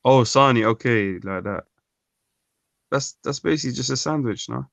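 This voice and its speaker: A man's voice: mid-range voice, normal speed, gravelly, fairly bright tone, no echo. A man, chatting casually on a stream, rambling and reading comments and look-ups aloud. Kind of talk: casual chat. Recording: dull, lo-fi dry sound.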